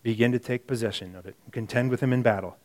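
A man's voice: mid-range voice, fast. Conversational preaching man, wide swings. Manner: conversational preaching, swings from quiet asides to emphatic bursts; self-correcting, repeats words. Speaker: pastor. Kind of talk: sermon.

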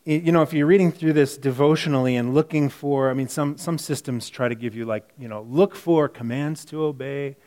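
A man preaching a sermon in a conversational way, reading scripture aloud and moving between quiet, muttered asides and emphatic bursts, often repeating and correcting himself. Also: medium pitch, quick pace, few pauses. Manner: self-correcting, repeats words. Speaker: pastor.

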